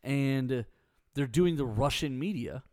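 A man co-hosting a podcast, telling animated stories in casual chat. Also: mid-range voice, takes it slowly, no room sound, clean studio sound. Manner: animated storyteller. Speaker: podcast co-host.

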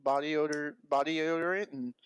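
An animated man on a casual podcast who laughs through his stories and keeps saying "bro" and "dude." His voice is a bit high, recorded close and dry. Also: brisk, smooth, dry recording. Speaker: podcast co-host. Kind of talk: casual chat.

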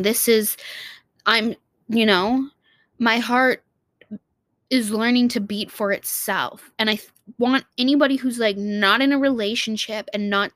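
A woman's voice: a little high, a bit bright, no room sound. A young woman vlogging in a casual, heartfelt monologue, rambling and restarting her sentences and swearing casually.

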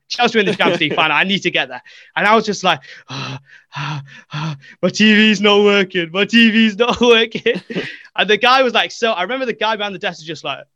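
Young man, podcast guest, lively storyteller, high bright voice, dry close sound. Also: no room sound. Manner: animated, acts out quotes, many fillers. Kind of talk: casual storytelling.

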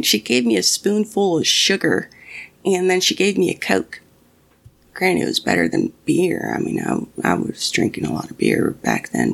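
A woman's voice: fairly low pitch, gravelly. A young woman telling a personal story casually, swearing often and restarting her sentences. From Mexican family.

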